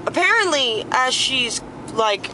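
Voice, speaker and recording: High, bright-voiced young woman telling a wild story. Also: takes it slowly, slight background noise, low-quality recording. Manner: excited, profane, rambling with restarts. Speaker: vlogger. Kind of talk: casual storytelling. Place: inside a car while driving.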